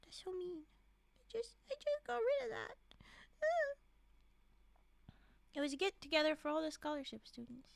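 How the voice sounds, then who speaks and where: A woman reading holiday stories on a live stream, slightly hoarse from a frog in her throat, often breaking off to chat and giggle with viewers. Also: very high-pitched, sing-song, moderate pace, pauses often, dry recording.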